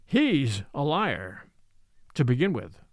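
A man's voice: mid-range voice, big pitch swings, slow, dry recording, clean studio sound, pitched below the performer's own voice. A man doing an old, fatherly house steward. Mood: scornful. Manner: earnest, confidential. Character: loyal elderly male house steward, fatherly. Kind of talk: audiobook character reading.

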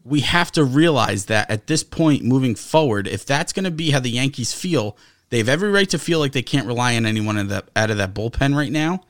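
A man's voice: medium pitch, expressive, no echo, studio quality. Easygoing man talking sports. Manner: measured, conversational, occasionally profane. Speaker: podcast co-host. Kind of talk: casual sports talk.

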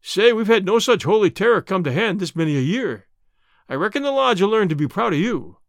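A man's voice: high-pitched, expressive, fairly quick, no echo, clean studio sound, pitched above the performer's own voice. A man reading an audiobook, voicing a domineering, menacing middle-aged gang boss who interrogates and blusters. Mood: blustering.

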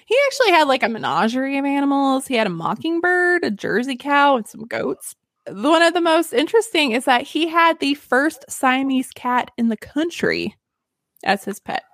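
A woman's voice: high-pitched, animated, normal speed, a bit bright, no echo, studio quality. A woman hosting a casual history podcast, telling stories in a chatty, giggly way with lots of fillers. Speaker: podcast host.

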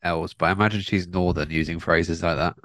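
Fast, dry-teasing man co-host. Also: low-pitched, steady tone, a bit bright, dry recording. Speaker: podcast co-host. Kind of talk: casual live podcast chat.

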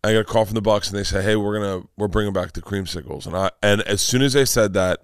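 Animated storytelling man with dry sound. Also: lowish voice, quick pace, clean tone, no room sound. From Florida, United States. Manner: animated, rambling, emotional storytelling with many restarts. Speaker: comedian guest. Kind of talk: casual podcast storytelling.

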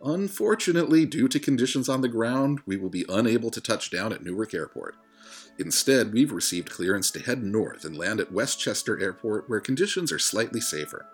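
A man doing a low-voiced airline captain, formal. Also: lively intonation, a little fast, breathy edge, faint music behind. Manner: formal announcing. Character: male airline captain making announcements. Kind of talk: audiobook reading.

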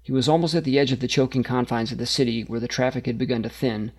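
A man narrates a story aloud in a mid-pitched, steady reading voice. He keeps an even storytelling pace and lifts his voice a little whenever characters speak. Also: quick pace.

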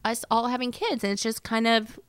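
A woman's voice: a little high, fairly even intonation, brisk, clear, resonant tone, dry recording. A woman in her forties co-hosting a podcast, chatting casually in a gushing, emotional way. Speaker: podcast co-host. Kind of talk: casual chat.

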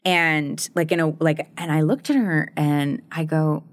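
A woman's voice: low voice, steady tone, unhurried, no echo, clean studio sound. A woman in her thirties co-hosting a podcast, talking candidly in a chatty way with frequent laughs and many fillers. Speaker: podcast co-host. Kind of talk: casual conversation.

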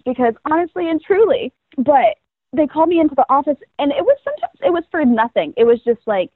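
A woman's voice: a little high, animated, fast, dry recording. A young woman from North Carolina, a guest in a casual interview, telling her story with animation and acting out what people said. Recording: tinny phone-like sound, very dry.

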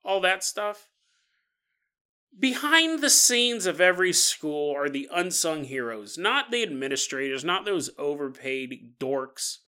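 A man's voice: fairly high pitch, animated, unhurried, pushed and bright, smooth. A man hosting a podcast, telling ghost stories casually with playful, jokey asides. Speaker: podcast host. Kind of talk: casual paranormal storytelling.

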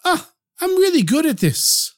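A man voicing a joyful, simple-minded male shoemaker who delights in everything, with high, drawn-out exclamations. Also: big pitch swings, heavily acted. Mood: delighted.

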